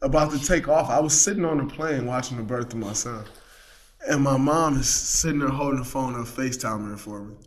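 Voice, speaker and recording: A man in casual chat, telling stories with animated energy and acting out his own shouts. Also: mid-range voice, fairly quick. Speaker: guest, pro athlete.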